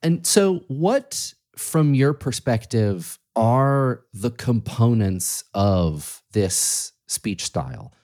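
A man hosting an interview, asking slow, deliberate, thoughtful questions. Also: medium pitch, sing-song, darkish tone. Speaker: podcast host.

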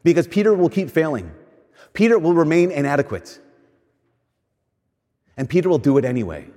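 Man, pastor, conversational sermon, fairly high voice, long hall reverb. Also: sing-song, dark tone. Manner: conversational preaching, shifts between slow emphatic lines and quick asides.

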